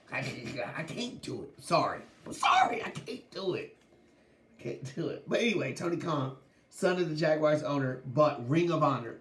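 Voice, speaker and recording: Animated male sports-talk host, a bit high-pitched, slangy, recorded in a roomy space. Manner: animated, slangy, laughs while talking. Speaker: podcast host.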